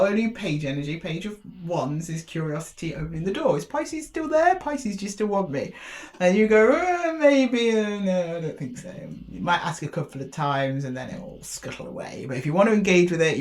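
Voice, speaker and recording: A woman talks through a tarot spread to the camera. She keeps it light and chatty, laughing a lot and slipping into little voices for the universe between cards. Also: low-pitched. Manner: chatty and playful, laughs often, acts out the universe in quick asides. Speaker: tarot reader. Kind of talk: casual tarot reading to camera.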